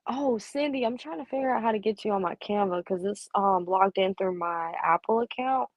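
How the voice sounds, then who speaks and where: A woman's voice: medium pitch, brisk, no room sound. A woman hosting a casual live chat, talking playfully and answering viewers. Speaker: livestream host.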